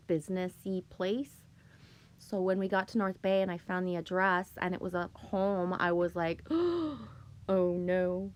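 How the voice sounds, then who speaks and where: A woman, hosting a casual livestream, chatting with viewers and telling stories in a chatty way, swearing now and then. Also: mid-range voice. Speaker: livestream host reading chat.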